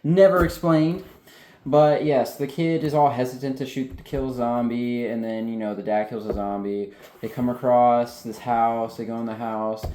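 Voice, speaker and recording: A man talks through a film in casual, excitable chat and swears freely. His voice has a mellow, darker tone. The room adds a noticeable echo. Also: mid-range voice, moderate pace. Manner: excitable, heavy swearing, animated. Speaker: film reviewer, co-host. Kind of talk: casual spoiler review chat. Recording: roomy echo.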